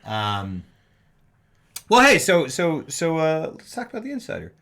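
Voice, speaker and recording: A man's voice: fairly high pitch, huge pitch swings, unhurried, gravelly, fairly bright tone. A man co-hosting a live film discussion stream, chatting casually in a jokey, rambling way with frequent restarts. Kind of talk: casual chat.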